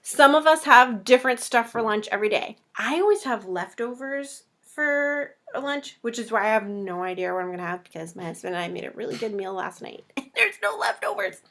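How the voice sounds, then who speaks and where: A woman's voice: on the high side, animated, a little fast, few pauses, a bit bright. A young woman giving a casual meal planning tutorial, chatty and playful, acting out viewers' reactions in little voices. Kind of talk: casual talking-head tutorial.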